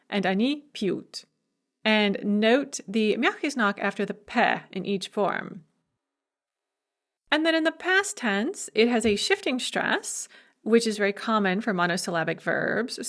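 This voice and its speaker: A woman who is a language professor, giving a recorded video lecture with patient, measured explanations. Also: mid-range voice.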